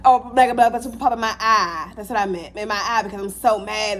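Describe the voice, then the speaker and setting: Woman vlogger, animated motivational talk, repeats lines for emphasis, faint hum behind. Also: on the high side, a little fast, hardly any pauses. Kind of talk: casual motivational talk to camera.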